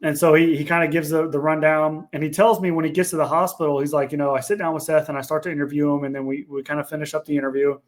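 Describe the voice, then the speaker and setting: A man's voice: a little high, level tone, fast, hardly any pauses. Earnest man telling a painful story. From Ohio, USA. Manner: earnest, candid, swears casually. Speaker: podcast guest, veteran. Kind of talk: emotional personal storytelling.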